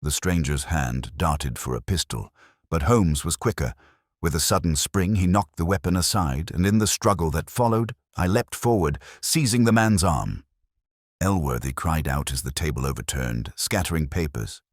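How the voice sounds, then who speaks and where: A man narrating a detective story in a measured, dramatic storytelling manner. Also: extremely low pitch, expressive, no echo, clean studio sound. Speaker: audiobook narrator. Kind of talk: scripted narration.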